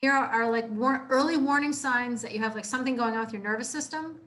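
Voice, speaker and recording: A young adult woman chiropractor giving an informal health talk to a live audience, casual and earnest, repeating herself and filling pauses with "like" and "you know.". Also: on the high side, fairly bright tone. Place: community room, live audience.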